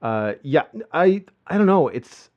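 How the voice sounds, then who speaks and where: A man's voice: fairly high pitch, very animated, unhurried, dry recording. A man chatting on a podcast in a loose, rambling way, with many restarts and fillers. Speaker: podcast host. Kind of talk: casual podcast chat. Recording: muffled lo-fi podcast audio.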